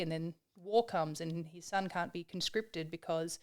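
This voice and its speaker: A woman's voice: on the low side, unhurried. Earnest Australian woman telling her story. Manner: earnest and reflective, with frequent "um"s and restarts. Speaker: podcast guest. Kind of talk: candid personal storytelling.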